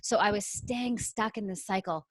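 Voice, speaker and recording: A woman from Canada, a podcast guest telling a personal story in a lively way and acting out what she said back then. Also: medium pitch, normal speed, no room sound, rough recording. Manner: animated, acts out her own past lines. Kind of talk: storytelling interview answer.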